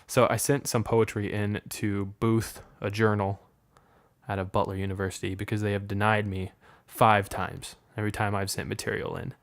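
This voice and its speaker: A young man with a fairly low voice hosts a solo podcast. He rambles frankly and swears freely, and at times slips into improvised poetry. The sound is dry and close. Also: flat delivery, normal speed, vocal fry, no echo. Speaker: podcast host. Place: room with a window open.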